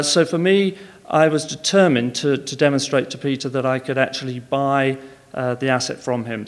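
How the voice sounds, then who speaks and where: Man, conference speaker, frank wry storytelling, medium pitch, reverberant large hall. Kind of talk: business talk with anecdotes.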